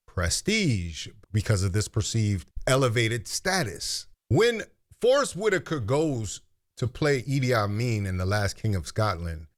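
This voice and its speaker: A man hosting commentary, making a pointed, rhetorical argument. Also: lowish voice. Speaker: commentary host.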